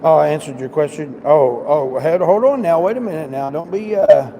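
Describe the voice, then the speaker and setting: A man's voice: fairly high pitch, normal speed, warm tone, a little hiss or hum. A man chatting casually with a live audience while picking a shopping order in a large store, joking and mildly exasperated. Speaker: livestreaming grocery shopper.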